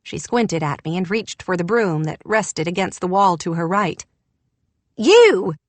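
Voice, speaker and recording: A woman's voice: fairly low pitch, normal speed, dry recording. A woman reading an audiobook in a wry, descriptive narration. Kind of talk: scripted narration.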